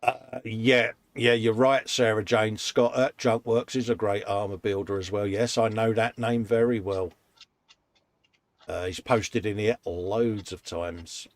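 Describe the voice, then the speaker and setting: A man's voice: fairly low pitch, steady tone, unhurried, no room sound. Chatty man at a dry workbench. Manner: chatty and upbeat, frequent laughs and "mate". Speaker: co-host of a live modelling show. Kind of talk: casual live-stream chat reading comments. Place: hobby workshop bench.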